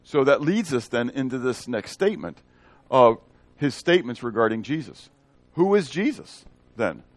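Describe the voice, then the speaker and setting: A pastor with a medium-pitched voice delivers an expository, verse-by-verse sermon at a normal speed, with no room sound in the recording. He's animated, quizzing the congregation and acting out the dialogue in shifting voices.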